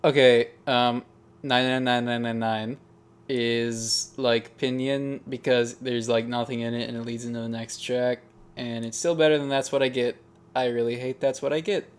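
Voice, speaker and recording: A man talking casually as he ranks songs. He thinks aloud, hesitates and restarts often, in a voice of middling pitch. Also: level tone, normal speed, smooth. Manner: musing, hesitant, frequent ums and restarts. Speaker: music ranking video host. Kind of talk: casual tier-list commentary.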